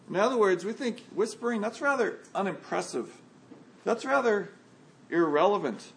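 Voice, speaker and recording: A man with a notably high voice delivers a sermon. He speaks in measured, deliberate phrases, slowing down for emphasis and sinking almost to a hush on the key words. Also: slight background noise. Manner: measured preaching with slow emphatic phrasing and dramatic drops to a hush. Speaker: pastor.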